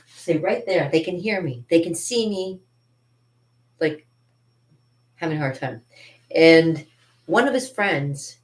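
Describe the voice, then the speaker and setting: A woman vlogger telling a personal story in casual talk, animated, laughing now and then and often restarting her sentences. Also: deep voice. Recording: roomy echo, distant from the mic.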